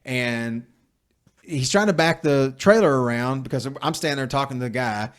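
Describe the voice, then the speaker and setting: Dude in his 40s telling a story on a podcast, cusses a lot, mid pitch, really into it. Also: moderate pace, smooth. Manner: profane, animated storyteller. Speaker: podcast host. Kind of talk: casual storytelling chat.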